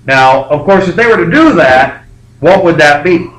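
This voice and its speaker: A man's voice: on the high side, lively intonation, moderate pace, fairly bright tone, distant mic. Rambling, jokey male history teacher. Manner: rambling, jokey, many fillers. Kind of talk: classroom lecture. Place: classroom. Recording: echoey classroom, faint background noise.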